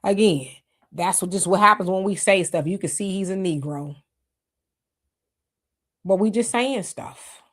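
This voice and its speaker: A woman's voice: mid-range voice, measured pace, pauses often. A woman hosting a live stream, greeting commenters by name and reacting to chat in a casual, talkative way. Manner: chatty, greets commenters, frequent restarts and laughs. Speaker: livestream host reading chat.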